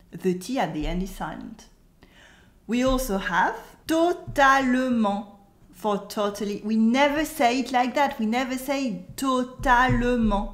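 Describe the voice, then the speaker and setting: A woman with a French accent teaching a scripted language lesson, modeling words slowly and carefully for learners to repeat. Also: a little high, reverberant. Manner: slow, careful model pronunciations and drills.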